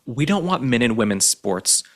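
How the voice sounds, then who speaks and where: A man hosts a political commentary show at a mid-range pitch. He talks in a sarcastic, combative way and keeps mocking his target. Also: very animated, normal speed, a bit bright.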